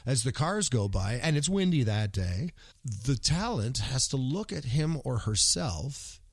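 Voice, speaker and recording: A man's voice: medium pitch, measured pace, slightly rough, dry recording. A man co-hosting a podcast, chatting casually and joking playfully. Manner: lively, joking, playfully mocking. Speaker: podcast co-host.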